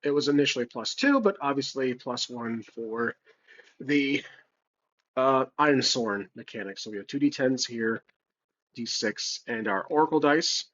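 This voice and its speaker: A man's voice: medium pitch, lively intonation, measured pace, a bit bright, highs cut off, slight background noise. A man playing a solo tabletop game, thinking aloud with fillers and self-corrections as he writes and rolls dice. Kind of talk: casual solo game narration. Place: home room with a cat.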